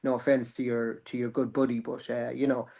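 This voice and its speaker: A man's voice: mid-range voice, little pitch movement, fairly quick, gravelly, dark tone, husky. A man, hosting a casual boxing chat, rambling and joking, swearing freely. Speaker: boxing podcast host.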